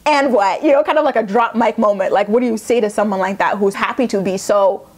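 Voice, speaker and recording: A woman's voice: mid-range voice, fast talker, darkish tone. A young woman vlogger giving a sassy, opinionated, chatty recap in a casual style.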